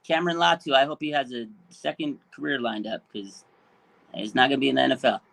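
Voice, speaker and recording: A man co-hosting a casual sports talk show, chatty and quick to laugh while telling fan stories. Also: medium pitch, gravelly, fairly bright tone, low-quality recording. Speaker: co-host.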